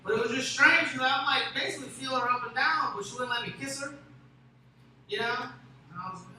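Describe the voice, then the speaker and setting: Young male stand-up, crude rambling storyteller, hard bright tone, roomy echo, faint hiss. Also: very high voice, brisk. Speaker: stand-up comedian. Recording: echoey room with faint noise.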